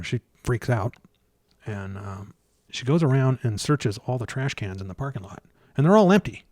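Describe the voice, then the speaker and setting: Male guest, mid-pitched, halting casual storyteller who livens up in the retelling, dry room. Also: no room sound. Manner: halting, many restarts and fillers; animated when retelling scenes. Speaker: guest researcher.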